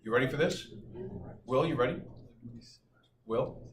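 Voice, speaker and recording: A middle-aged male teacher lecturing a high school class with a playful, joking manner. He is picked up from a distance in an echoey classroom, with steady noise behind him. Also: measured pace. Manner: lively, playful, jokes with students. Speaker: calculus teacher. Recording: echoey classroom from far off, noisy.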